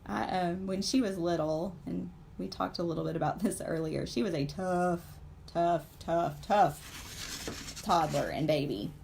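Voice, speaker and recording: Chatty woman with a gravelly voice. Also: on the low side, measured pace, a little mellow, slight background noise. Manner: chatty, rambling, full of fillers and asides to viewers. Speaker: painting instructor and live-stream host. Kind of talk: casual live-stream chat while painting.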